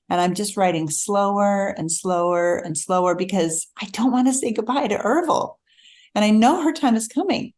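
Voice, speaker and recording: A middle-aged woman, an author, telling a personal story in a relaxed conversation, acting out the voices she quotes. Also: medium pitch. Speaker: author guest. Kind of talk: storytelling in casual chat.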